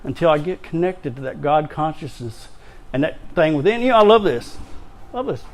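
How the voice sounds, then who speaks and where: A man's voice: fairly high pitch, lively intonation. Emotional man sharing his story. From Louisiana, raised in Texas. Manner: halting, repeats words, emotional, self-deprecating humor. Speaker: recovery speaker. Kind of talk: personal share at a recovery meeting.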